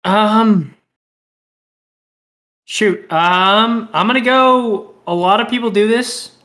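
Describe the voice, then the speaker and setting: A young man co-hosts a podcast in loose, rambling chat, swearing freely and laughing along. His voice sits a little high and sounds bright and forward. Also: slow. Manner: rambling, profane, laughs often. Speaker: podcast co-host. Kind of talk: casual chat.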